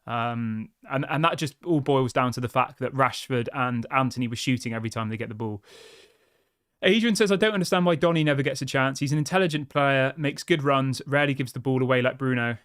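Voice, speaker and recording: A man's voice: medium pitch, fairly quick, a bit bright, clear, resonant tone, dry recording, clean studio sound. A man hosting a football channel, reading viewer comments aloud and giving blunt, frustrated opinions in a chatty way. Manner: frustrated, blunt and conversational, often saying "mate".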